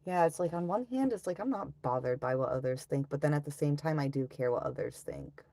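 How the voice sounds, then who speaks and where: Low gravelly woman ranting on a stream. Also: sing-song, brisk, mellow, dry recording. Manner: ranting, swearing, sighing often. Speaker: live streamer. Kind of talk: casual live-stream chat.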